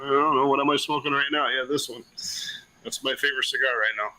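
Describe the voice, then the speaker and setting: This is a man co-hosting a casual talk show, blunt and easygoing. His voice has a sharp, forceful edge. He is recorded dry and close, with no room sound. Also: medium pitch, steady tone, fast talker, dry recording, low-quality recording. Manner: blunt, easygoing, with mild swearing. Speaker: podcast co-host. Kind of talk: casual chat.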